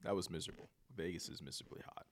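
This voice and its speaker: Young woman, deep voice, quick and matter-of-fact. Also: vocal fry, a little hiss or hum. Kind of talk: casual group chat.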